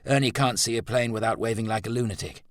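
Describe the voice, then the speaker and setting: A man reading a brisk, decisive gentleman. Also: fairly low pitch, no room sound, studio quality, voice pushed up, close to an everyday voice. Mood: cheerful.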